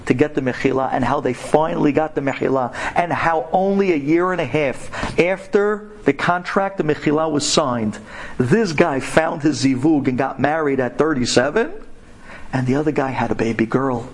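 A man's voice: medium pitch, a little hiss or hum. A middle-aged man tells an inspirational story to a women's audience, acting out the voices with big dramatic swings.

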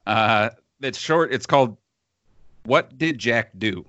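A man's voice: mid-range voice, slow pace, bright, forceful tone, no room sound, muffled recording. A man in casual chat, co-hosting and reviewing films, sardonic and often laughing between phrases. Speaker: podcast co-host reviewing films.

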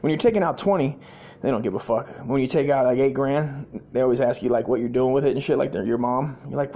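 A former sailor hosting a comedy podcast, telling a long story in a rambling, heavily profane way and acting out the people in it. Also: male voice, mid-range voice, fast. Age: adult, former sailor. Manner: profane, rambling, animated quoted voices.

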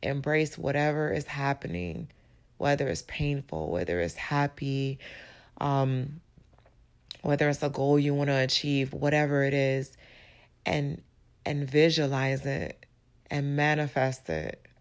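A woman with a low, gravelly voice hosts her podcast in a casual motivational monologue. She sounds raspy and hoarse from recent illness, speaking slowly and reflectively, pausing to search for her words. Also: fairly even intonation. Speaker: podcast host.

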